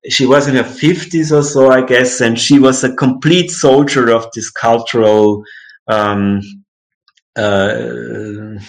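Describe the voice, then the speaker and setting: A man's voice: mid-range voice, fairly even intonation, slow, vocal fry. Indignant man ranting. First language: German. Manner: indignant, ranting, many restarts and fillers. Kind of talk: casual conversation.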